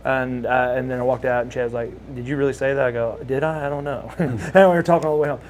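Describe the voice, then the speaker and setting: A man's voice: mid-range voice, fairly even intonation, quick pace, a little hiss or hum. A middle-aged man with a Southern US accent telling rambling anecdotes in a casual interview, restarting phrases and laughing now and then. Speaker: interview guest, former wrestler.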